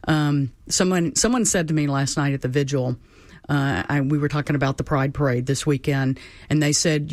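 A guest on a talk show speaking haltingly, repeating words and using many fillers. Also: mid-range voice, fairly even intonation, dry recording.

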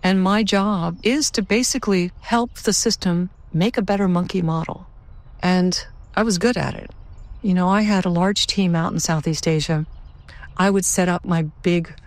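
A woman's voice: fairly low pitch, no room sound. A middle-aged woman scientist telling her field experiences in a candid, conversational interview. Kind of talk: documentary interview.

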